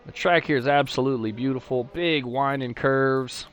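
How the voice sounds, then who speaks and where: A man with a Texan accent calling a sim racing league live, chatty between races and excitable play-by-play once the lights go out. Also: mid-range voice, normal speed, smooth, highs cut off. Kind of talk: live esports race commentary.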